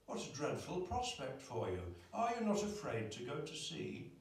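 A man's voice: a little high, sing-song, moderate pace, far from the mic, slight background noise. A man doing a prim pious clergyman. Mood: earnest. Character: proper, pious male clergyman, middle-aged and earnest. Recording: roomy live club sound with guitar.

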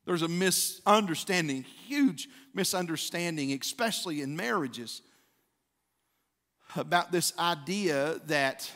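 A pastor with a high, fairly bright voice preaches a conversational sermon in a church sanctuary, acting out quotes with mounting fervor. Long church-hall reverb fills the recording.

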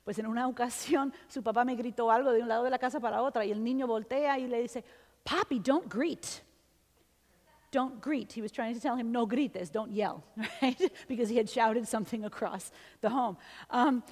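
A woman linguist with a fairly high voice speaks fast in a conversational symposium lecture, her words trailing a long reverb in a university hall. Lively and moving between English and Spanish, she keeps checking in with "okay?" and "right?"

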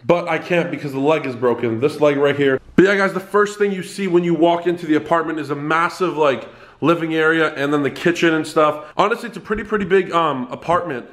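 Fast-talking excitable male vlogger. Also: a little high. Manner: excitable, quick-talking, chatty complaining. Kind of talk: casual vlog to camera. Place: apartment indoors. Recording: echoey room.

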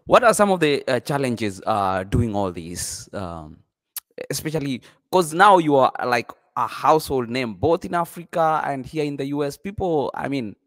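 A man's voice: mid-range voice, sing-song, normal speed, a bit bright, dry recording. A man hosting an interview, asking hesitant questions with many fillers. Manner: hesitant questions full of fillers, frequent backchannel. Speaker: interview host. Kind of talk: conversational interview.

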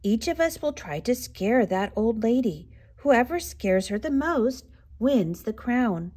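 A woman's voice: fairly high pitch, big pitch swings, slow, darkish tone, full character voice. Woman doing a smug bossy lion. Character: proud male lion, bossy schemer.

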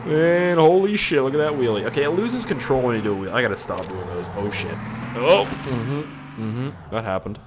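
A man giving excitable, rambling let's play commentary, yelping and swearing at the action on screen. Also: medium pitch, fairly quick, noisy background. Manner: excitable, yelps and laughs at crashes, heavy swearing; rambling running commentary to himself. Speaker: gaming YouTuber.

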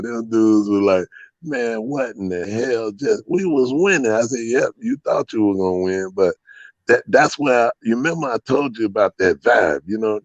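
A low-voiced man spins loose, profane stories, full of fillers and chuckles. The sound is dull and muffled in a dry, close space. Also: dry recording. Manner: rambling, profane, laughing storyteller with many fillers. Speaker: interview guest, dog breeder. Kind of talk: casual storytelling interview.

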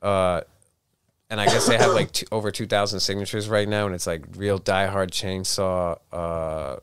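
A man's voice: low-pitched, level tone, normal speed, fairly bright tone, slight background noise. A young man co-hosting a podcast in casual chat, joking, teasing and swearing a lot. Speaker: podcast co-host.

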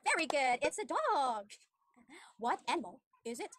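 A woman teaching an online English demo lesson to a young child, with exaggerated cheerful praise and slow, simple teacher-talk. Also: high voice, sing-song, fairly bright tone, no room sound.

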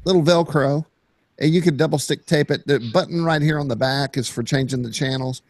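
A man with a gravelly edge to his voice co-hosts a relaxed hobby chat. His talk is enthusiastic as he narrates his own video clips, and the sound is dry and close. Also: on the high side, a little fast, no room sound. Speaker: co-host. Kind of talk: casual chat.

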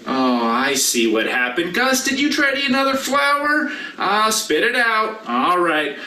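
A man leads a children's message as pastor, with playful, animated banter and a high, bright, swooping voice. He sounds off-mic and distant in a roomy church. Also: measured pace, slight background noise. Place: church sanctuary.

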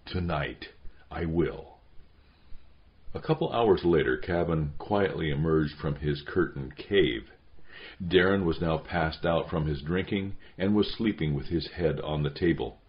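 A man narrating an audiobook in a measured way, slowing down on grim details. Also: very deep voice, lo-fi sound. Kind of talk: scripted narration.

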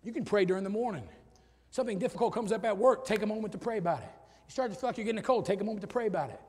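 A middle-aged male pastor preaching a sermon, swinging from loud shouted peaks to low quiet asides. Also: very fast, slightly rough. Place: church sanctuary with long reverb. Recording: reverberant church hall.

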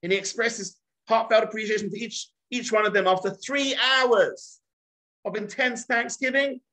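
A rabbi with a high voice gives a storytelling lecture to a group at a normal speed, and the recording is rough. He's an animated storyteller who acts out the quotes in his stories as dialogue. He also speaks to his listeners directly, putting questions to the room.

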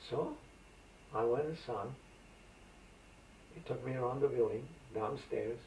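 Gravelly old man reminiscing, roomy tape. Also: mid-range voice, measured pace, a little mellow, slight background noise. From Macedonia. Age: 80s. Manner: rambling, anecdotal, with frequent fillers. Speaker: oral history interviewee. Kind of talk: reminiscing conversational storytelling. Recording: roomy amateur tape, voice from a distance.

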